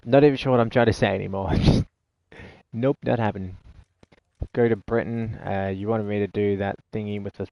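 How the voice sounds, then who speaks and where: A man's voice: lowish voice, fairly even intonation, brisk, vocal fry, dry recording, muffled recording. An Australian man giving rambling, sarcastic live commentary while playing a video game, easily exasperated. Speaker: gaming channel host.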